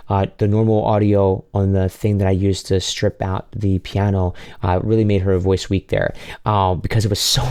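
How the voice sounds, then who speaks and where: Excitable man giving vocal coach commentary. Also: on the low side. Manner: animated, exclaiming, talks over the clip. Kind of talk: reaction commentary.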